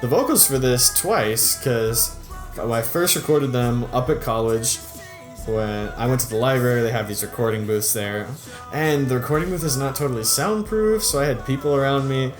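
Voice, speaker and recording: A man's voice: medium pitch, normal speed, over music. A young man casually commenting on his old videos, chatty and upbeat, laughing often and trailing off. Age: young adult. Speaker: YouTube creator reviewing his own videos.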